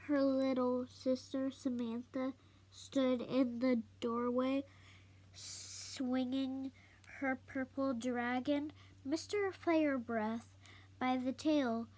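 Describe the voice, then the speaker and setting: A woman reading a children's book aloud slowly, halting now and then to correct herself. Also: sits high, steady tone, darkish tone. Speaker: storybook reader.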